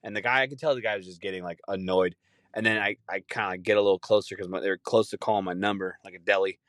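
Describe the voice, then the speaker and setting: A young man spins a loose, profane story in a relaxed podcast chat, slipping into quick impressions of the people he describes. His voice sits on the low side, and the sound is dry and close with no room around it. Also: no echo. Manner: rambling, swears a lot, mimics people he tells about. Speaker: podcast host.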